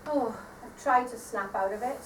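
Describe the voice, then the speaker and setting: A woman's voice: fairly high pitch, moderate pace, natural voice. Woman playing a weary, tearful mother. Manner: soft, hesitant, self-deprecating. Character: weary depressed mother, tearful and self-doubting. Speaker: amateur stage actor. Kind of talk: live stage drama. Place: theatre stage. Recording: echoey theatre stage from far off, faint noise.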